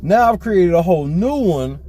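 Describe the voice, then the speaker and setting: A man with a high, mellow voice tells a story in casual podcast chat, swearing freely and breaking into laughter. His pitch swings widely as he gets worked up. He is talking from inside a car. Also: normal speed, a little hiss or hum. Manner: profane, laughing, animated storytelling. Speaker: podcast co-host.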